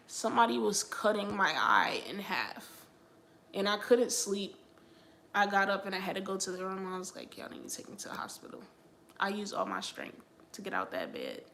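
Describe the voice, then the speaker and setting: A woman's voice: medium pitch, creaky, bright, forceful tone, slight background noise. A young adult woman hosting a livestream, telling a personal faith story in a chatty way, full of "like". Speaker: livestream host. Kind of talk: casual personal testimony vlog.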